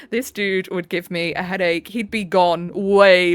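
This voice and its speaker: A woman's voice: on the low side, steady tone, a little slow, few pauses, no room sound. A woman hosting a channel, casually reading online posts aloud and reacting with chatty exclamations and laughter.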